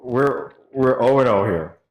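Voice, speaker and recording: A man's voice: medium pitch, lively intonation, unhurried, a little hiss or hum. Playful male co-host in an echoey studio. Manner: playful and teasing, laughs often while explaining. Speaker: morning show co-host. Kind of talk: casual studio banter.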